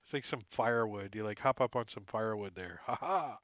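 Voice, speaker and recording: A man's voice: lowish voice, brisk, fairly bright tone, no room sound, lo-fi sound. A man narrating a tabletop game as game master, casual and chuckling, with many "like" and "uh" fillers.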